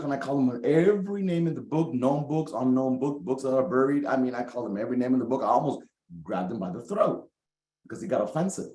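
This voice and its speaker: Middle-aged guy doing a tarot reading, preachy and animated, calls you baby, echoey room. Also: medium pitch, fast talker. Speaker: spiritual coach and tarot reader. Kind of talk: casual tarot reading monologue.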